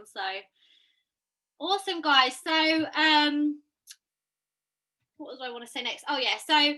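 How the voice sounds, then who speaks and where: A woman's voice: sits high, pushed and bright. A woman hosting a team training video call, upbeat and encouraging. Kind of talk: casual team-call talk.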